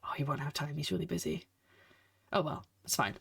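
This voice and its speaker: A woman's voice: low voice, steady tone, fairly quick, vocal fry, a bit bright, breathy edge, no echo. Sarcastic woman streamer. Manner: sarcastic, exasperated at the game. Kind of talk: casual gameplay commentary. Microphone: desk microphone. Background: game audio.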